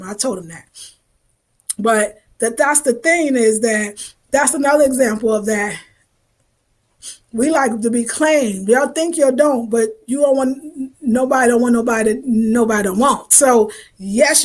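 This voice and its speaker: A woman vlogging to her viewers in a rambling, emphatic, colloquial way. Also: a little high. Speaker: travel vlogger. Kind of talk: casual spiritual talk to viewers.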